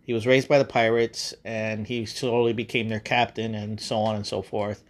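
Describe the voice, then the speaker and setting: A man's voice: on the low side, little pitch movement, moderate pace. A man hosting a podcast in casual chat, rambling and swearing freely between laughs. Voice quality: rambling, profane, laughs often. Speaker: podcast host.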